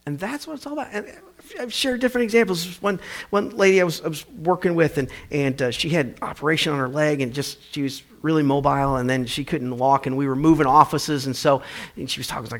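A man's voice: fairly high pitch, quick pace, fairly bright tone. Man preaching in a storytelling way. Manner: conversational storytelling with emphatic, varied delivery. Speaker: pastor. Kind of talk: sermon.

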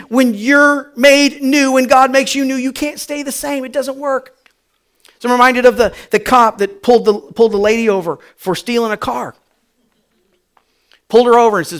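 Pastor, male, high-pitched, animated sermon delivery with repetition. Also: measured pace. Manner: animated preaching with acted-out voices and repetition.

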